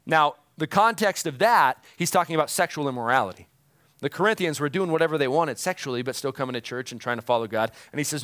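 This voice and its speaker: Moving at a quick pace, a pastor preaches through scripture with earnest conviction, his fairly bright voice sitting a little high for a man and reaching emphatic peaks. The audio is close and dry, without any room sound.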